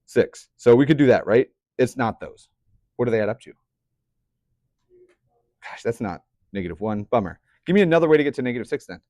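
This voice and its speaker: A man's voice: mid-range voice, animated, quick pace, a little mellow, dry recording, studio quality. A young man teaching a math class, chatty, often putting questions to the students. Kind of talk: classroom lecture.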